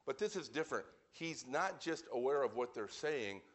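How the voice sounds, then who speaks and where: A man in the pulpit delivers an evening sermon at a mid-range pitch. He talks plainly and earnestly, drops in wry asides, and slows down for weighty scripture readings. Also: animated. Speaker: pastor.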